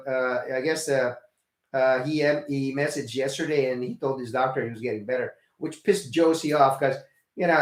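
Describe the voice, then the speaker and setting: An older man, a nurse from the Philippines, giving a rambling casual video update full of fillers and blunt swearing. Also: mid-range voice. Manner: rambling, many fillers and restarts. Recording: echoey room.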